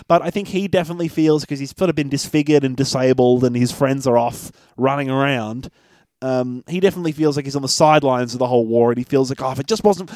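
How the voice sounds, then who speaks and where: A man's voice: a little high, a little mellow, no room sound. Laughing, chatty man, dry close mic. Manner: chatty, laughs often, swears casually. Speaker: podcast co-host. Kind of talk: casual film review chat.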